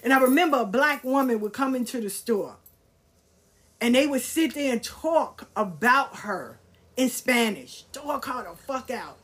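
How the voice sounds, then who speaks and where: Blunt, profane husky-voiced woman storyteller. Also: a little high, animated, unhurried, a bit bright. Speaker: podcast host. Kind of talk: personal storytelling.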